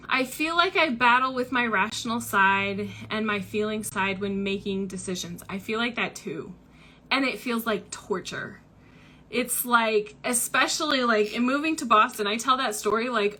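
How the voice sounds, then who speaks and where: A woman's voice: on the high side, a little slow, sharp tone. A young woman hosting a book club livestream, telling personal stories candidly in a chatty way full of fillers. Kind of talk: casual livestream chat.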